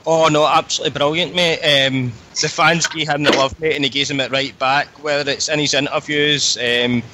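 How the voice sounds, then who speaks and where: A man's voice: on the high side, fairly even intonation, fairly quick, noisy background. A man on a phone-in, enthusiastic and saying mate constantly, with many ums. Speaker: caller. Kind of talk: casual phone-in chat.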